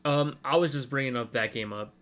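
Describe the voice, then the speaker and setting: A man's voice: medium pitch, a little fast. Easygoing man rambling about games. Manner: relaxed, rambling with fillers and swearing. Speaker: podcast co-host. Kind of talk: casual gaming chat.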